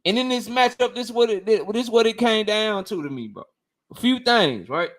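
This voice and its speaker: High-voiced man hosting a casual live stream. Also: expressive, normal speed. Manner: loose, slangy, shouts out viewers by name.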